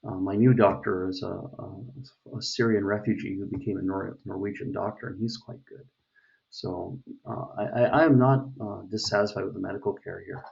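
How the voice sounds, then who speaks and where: A man's voice: fairly low pitch, steady tone, normal speed, vocal fry, a little mellow. A middle-aged man from the United States giving a casual opinion monologue, rambling with many fillers and restarts. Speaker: vlogger. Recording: dull lo-fi recording.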